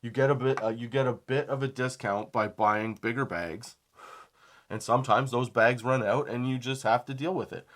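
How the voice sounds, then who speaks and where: A man hosting a comedy podcast, telling a story from behind a shop counter in a casual, animated way, acting out both sides of the conversation and laughing often. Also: mid-range voice, moderate pace. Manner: conversational, says "okay?" and "dude" often. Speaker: podcast host.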